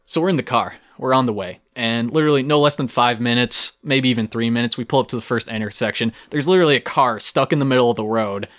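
A man's voice: medium pitch, fast, hardly any pauses, fairly bright tone. A young man co-hosting a podcast, telling a story vividly and playfully in casual chat. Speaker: podcast co-host.

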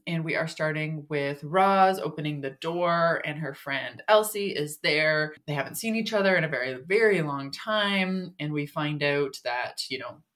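A woman's voice: low-pitched, normal speed, hardly any pauses, a bit bright. A young woman co-hosting a podcast, giving a casual, rambling critique full of "like" and "you know". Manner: rambling, filler-heavy, lots of "like" and "you know". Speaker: podcast co-host critiquing manuscripts.

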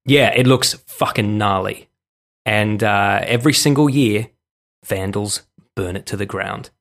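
A man's voice: lowish voice, unhurried, gravelly, fairly bright tone. A man co-hosting a podcast in casual chat, joking dryly and swearing freely. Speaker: podcast co-host.

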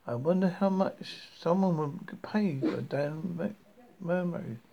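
Male reader as a mocking, money-hungry neighbour, gravelly, unhurried. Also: fairly high pitch, dark tone, dull audio, heavily acted. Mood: scornful. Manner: dismissive, mocking. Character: greedy, scornful middle-aged man neighbour.

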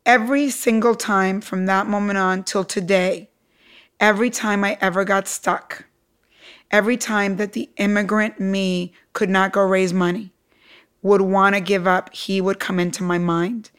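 Her voice is medium in pitch with a clean tone, and she speaks at a measured pace. A middle-aged entrepreneur from Cuba, she's a guest on a podcast, telling her story with animated, emphatic energy and acting out quotes.

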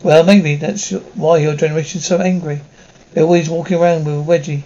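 Guy acting as a dry, sarcastic sitcom dad fussing over his teen girls, kinda high voice, muffled tv sound. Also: fairly even intonation, fairly quick, warm tone, natural voice. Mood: wry. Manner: dry, wisecracking, exasperated. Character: sarcastic, overprotective middle-aged dad of teenage girls. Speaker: sports writer father. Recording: dull lo-fi television audio.

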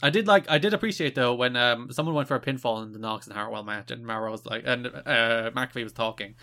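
A man's voice: medium pitch, fast, bright, forceful tone. A man co-hosting a podcast, chatting casually and sarcastically about wrestling. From Ireland. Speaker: podcast co-host. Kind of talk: casual wrestling recap chat.

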